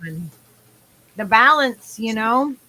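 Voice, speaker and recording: A woman co-hosting a casual talk show, reading affirmations slowly and gently and giggling now and then. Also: fairly high pitch, expressive, poor audio. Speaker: podcast co-host.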